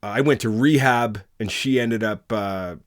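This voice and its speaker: A man's voice: lowish voice, moderate pace. A man hosting a candid, unscripted podcast chat, telling frank stories about his past with laughs and swearing. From Canada. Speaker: podcast host.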